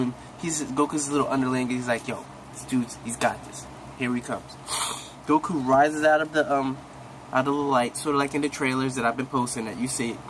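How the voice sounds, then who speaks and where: A young man excitedly retelling an anime episode in a casual, rambling way full of slang, coughing now and then. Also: medium pitch, background noise. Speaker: recap host.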